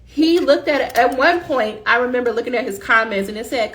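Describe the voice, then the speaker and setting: A woman dissertation coach giving a casual motivational pitch, colloquial and emphatic, talking straight to her listeners. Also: fairly quick, hardly any pauses, fairly bright tone.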